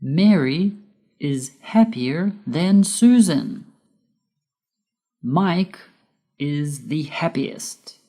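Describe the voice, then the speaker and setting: A woman whose first language is Spanish, reading a scripted grammar lesson slowly and deliberately, spelling out letters and stressing key words. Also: low-pitched, expressive, dark tone. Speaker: English teacher.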